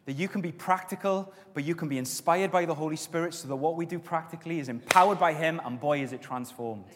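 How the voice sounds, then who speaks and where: A man preaching a sermon as pastor, with stretches of loud, emphatic exhortation and softer prayer. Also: fairly high pitch, fast, a little hiss or hum. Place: church auditorium. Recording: long reverb of a church hall.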